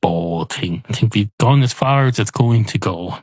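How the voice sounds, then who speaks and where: A man's voice: on the low side, normal speed, no room sound. Irishman voicing a blunt young cat. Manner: blunt, sweary, deadpan. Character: impatient, blunt young cat waiting at a bar.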